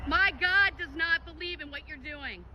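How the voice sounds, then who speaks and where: A woman's voice: very high-pitched, moderate pace, muffled recording, a little hiss or hum. A middle-aged woman filming agents on her phone on a city street, lecturing them indignantly. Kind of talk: street confrontation. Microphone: phone camera.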